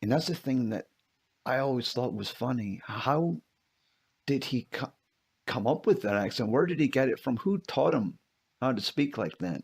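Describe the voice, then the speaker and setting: A man's voice: medium pitch, expressive, normal speed, vocal fry, a little mellow, husky. A man co-hosting a casual film discussion podcast, asking curious questions. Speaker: podcast co-host.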